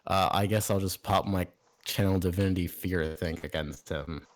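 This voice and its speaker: A man playing a tabletop game, excitable and swearing, cheering on his dice rolls. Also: deep voice, normal speed. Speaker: player. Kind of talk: tabletop game chat, casual.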